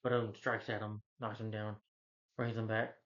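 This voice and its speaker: A man's voice: on the low side, completely flat delivery, normal speed, a bit bright, highs cut off. Man rambling through a movie recap. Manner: rambling, loose retelling full of "like" and "you know". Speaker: movie reviewer. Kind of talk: casual plot recap.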